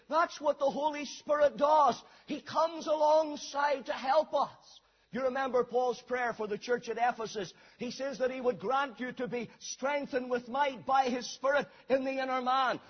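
A man preaching a sermon with emphatic delivery, rising to shouts and dropping to quiet asides. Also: extremely high pitch. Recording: dull lo-fi sermon recording.

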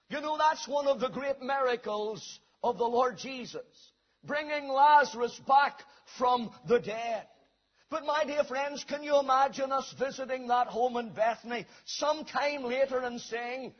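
A man preaching a sermon, telling a Bible story and acting out its scenes with raised, drawn-out calls. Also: extremely high pitch, fairly even intonation, breathy edge. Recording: dull, muffled lo-fi sound.

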